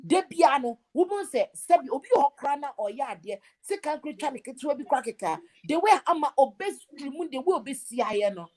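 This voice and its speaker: A woman in a casual group discussion, lively and switching between Twi and English. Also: high-pitched, fairly quick, few pauses. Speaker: panelist.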